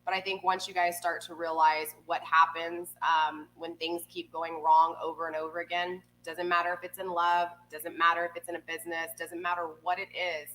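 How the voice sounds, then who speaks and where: A woman's voice: lowish voice, flat delivery, normal speed, hardly any pauses, pushed and bright, a little hiss or hum, rough recording. A woman in her forties hosting a tarot reading, chatting casually with viewers, rambling with lots of ums. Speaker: tarot reader, channel host.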